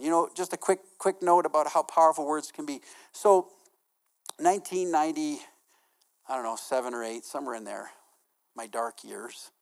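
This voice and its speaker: Middle-aged male pastor, animated sermon delivery, acts out quotes, softens for stories. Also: fairly high pitch. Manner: lively, acts out quotes with laughs.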